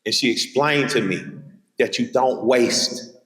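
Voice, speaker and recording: With an Atlanta Southern accent, this middle-aged man from Georgia gives a college keynote in a large hall, speaking unhurriedly in a medium, slightly bright voice. Emphatic rhythmic repetition and vivid personal storytelling carry the talk, while the room's long reverb echoes around him.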